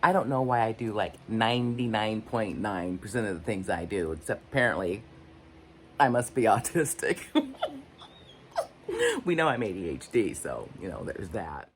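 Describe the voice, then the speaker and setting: A woman's voice: rumbling low, expressive, moderate pace, a little hiss or hum. An older woman vlogging unscripted, candid and rambling, often searching for her words. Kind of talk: unscripted personal talk to camera.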